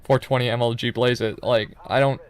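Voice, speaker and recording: Young dude doing gameplay voiceover, chill rambling, lots of cussing, normal pitch. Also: male voice, level tone, a little fast. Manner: loose, profane, rambling with joking asides. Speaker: gameplay commentator. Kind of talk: casual gameplay commentary.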